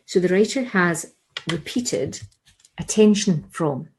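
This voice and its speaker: An English teacher leads a revision lesson in a mellow, slightly low voice with a breathy edge, on poor audio. Speaking slowly and expressively, she explains patiently, returns to key points, and asks rhetorical questions of her listeners.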